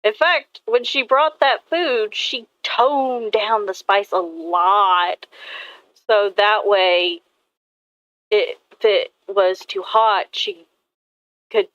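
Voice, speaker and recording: Slow-talking woman chatting while she draws. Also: medium pitch, fairly bright tone, dry recording, muffled recording. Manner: rambling, swears casually. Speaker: artist vlogger. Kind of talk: casual chat while drawing.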